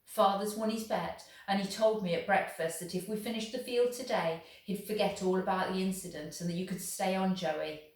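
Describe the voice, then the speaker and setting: A woman reading aloud, voicing an earnest, gentle fifteen-year-old farm boy. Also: medium pitch, fairly even intonation, moderate pace, hardly any pauses, distant mic, lightly acted. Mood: tender. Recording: echoey room, voice off the mic.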